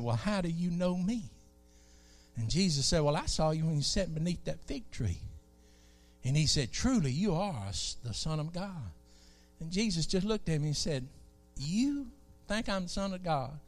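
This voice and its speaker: Southern preacher guy from south alabama, folksy, pitch jumps all over, bit high, faint music behind. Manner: folksy, animated preaching with rising emphasis. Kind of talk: sermon.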